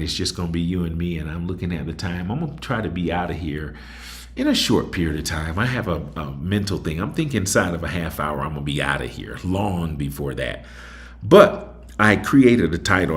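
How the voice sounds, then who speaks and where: A middle-aged man hosting a solo talk show, reflecting in a rambling, conversational way with many fillers. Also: deep voice. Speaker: host.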